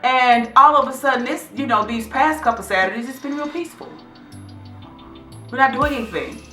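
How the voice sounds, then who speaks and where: A bright, forceful woman's voice, middle-aged and chatty, speaking warmly to her viewers. The room sounds echoey, with faint music playing behind her. She talks in a relaxed, encouraging way. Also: high-pitched, moderate pace. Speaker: vlog host. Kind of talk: casual chat to viewers.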